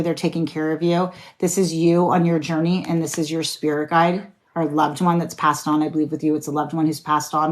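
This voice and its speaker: A woman with a fairly low voice reads tarot cards live, calling out names and talking to her viewers in a relaxed way. She is encouraging and earnest, and she swears now and then. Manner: casual, encouraging, occasionally swears. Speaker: tarot reader. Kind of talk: live-stream card reading.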